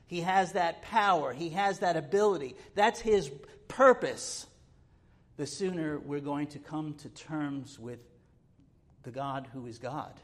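A man preaching a sermon in a halting, thinking-aloud way, often repeating words as he goes. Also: a little high.

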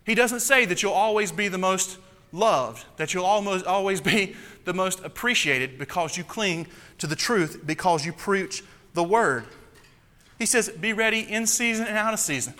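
A man preaching a sermon, emphatic, repeating key phrases and slowing down to stress them. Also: high-pitched, bright, forceful tone, long reverb tail.

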